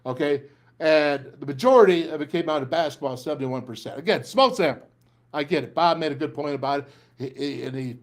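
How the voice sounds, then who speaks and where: Fired-up older man hosting sports talk. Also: fairly high pitch. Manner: fiery, rambling, pep-talk delivery. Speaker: sports talk show host.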